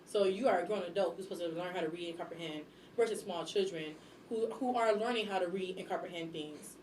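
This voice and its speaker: A young woman talks fast and bluntly, with lots of energy. She sits back from the microphone in an echoey room. A faint room hum runs underneath. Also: lowish voice, far from the mic. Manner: blunt, animated, acts out scolding voices. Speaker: guest, substitute teacher and airport worker. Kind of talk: casual podcast chat.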